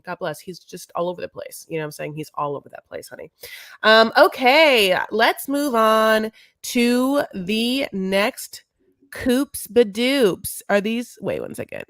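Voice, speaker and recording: A woman's voice: mid-range voice, no room sound, studio quality. A woman co-hosting a podcast, casually recapping a reality show in a rambling, chatty way and calling her co-host honey.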